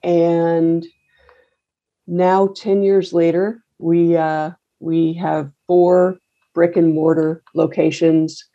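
A woman's voice: fairly low pitch, level tone, extremely slow, warm tone, muffled recording. A middle-aged woman in a casual interview, telling her story in a rambling, wry way with many fillers and restarts. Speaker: coffee roaster and business owner.

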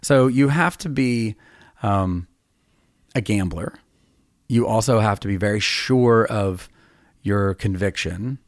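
Man, 50s, deeper voice, casual storytelling, rambling, self-deprecating, dry studio sound. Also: slow pace, long pauses, no room sound. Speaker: songwriter and podcast host.

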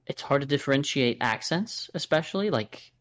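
A man's voice: mid-range voice, expressive, moderate pace, fairly bright tone. An American man co-hosting a podcast, chatting casually about an album with many fillers and restarts. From United States. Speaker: podcast co-host. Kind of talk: casual review chat.

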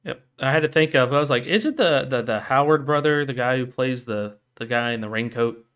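Hesitant podcast co-host, mid-pitched. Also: male voice, a little fast, fairly bright tone, clear, resonant tone. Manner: correcting, hesitant, filler-heavy. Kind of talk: casual podcast chat.

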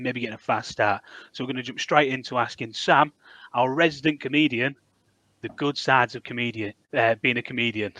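A man with a Hull accent runs his podcast in a matey, bantering manner, calling everyone mate. His voice is mid-pitched for a man and recorded close and dry, with no room sound. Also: bright, forceful tone, no echo. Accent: Hull, Yorkshire. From Hull, England. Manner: matey, laughs easily, banters. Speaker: podcast host. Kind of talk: casual podcast hosting.

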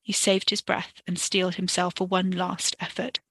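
A woman reading a story for a podcast in a steady, expressive way. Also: lowish voice, moderate pace, slightly rough, no echo. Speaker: podcast narrator.

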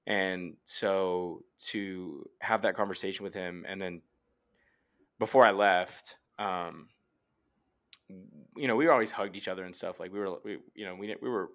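Speaking over a remote call mic, this podcast guest, a man in his late twenties, has a low, fairly bright voice with a steady tone and an unhurried pace. His casual storytelling about his own life is earnest and rambling, full of "like."

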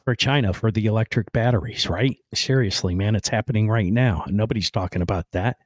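Blunt, rambling man with a low voice. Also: brisk, no room sound, studio quality. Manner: swears casually and then apologizes. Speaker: podcast host. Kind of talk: political opinion podcast monologue.

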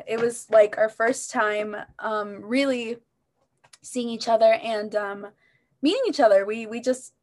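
A woman co-hosting a podcast, chatting casually and hesitantly with many fillers. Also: fairly high pitch. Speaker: podcast co-host. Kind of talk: casual chat.

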